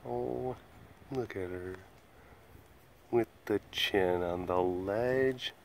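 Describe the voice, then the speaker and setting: A man with a lowish, gravelly voice speaks extremely slowly, with a faint hiss or hum underneath. He's hosting a loose, meandering podcast chat from an animal compound, chuckling a lot and starting sentences over.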